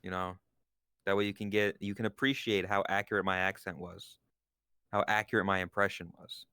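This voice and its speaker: A man's voice: low-pitched, flat delivery, a little fast, bright, forceful tone, smooth, no echo. Dry-voiced joking male streamer. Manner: joking and teasing. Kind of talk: casual chat.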